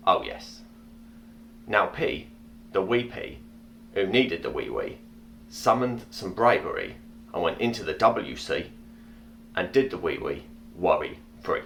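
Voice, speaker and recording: Man performing a celebrity impression: very low voice, earnest and deliberate storyteller, faint line hiss. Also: gravelly, fairly bright tone, full character voice. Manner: earnest, deliberate reading of tongue-twisting rhymes. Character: male celebrity impression, a grown man reading a silly story. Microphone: webcam or laptop mic on a video call.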